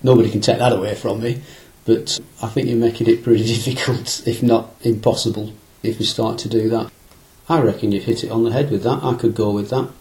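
A man's voice: on the low side, fairly even intonation, brisk, a little mellow, poor audio. A man in a casual conversation, recalling fishing trips in a rambling, anecdotal way with many fillers and restarts.

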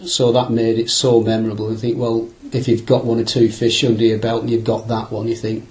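A man's voice: medium pitch, completely flat delivery, fairly quick, hardly any pauses, darkish tone, rough recording. Rambling man telling fishing stories. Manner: rambling and anecdotal, with frequent fillers and restarts. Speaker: angler recalling fishing trips. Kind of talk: casual conversation.

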